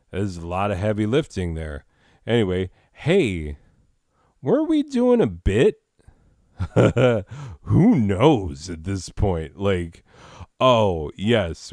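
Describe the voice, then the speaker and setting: Deep-voiced man rambling through comic banter. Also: a little mellow, no echo, clean studio sound. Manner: rambling, self-mocking, full of fillers. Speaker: comedy show host. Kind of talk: improvised comedy banter.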